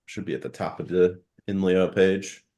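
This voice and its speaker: Man, very low pitch, casual live chat host, meandering explanations. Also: level tone, normal speed, dark tone. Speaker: host and startup founder.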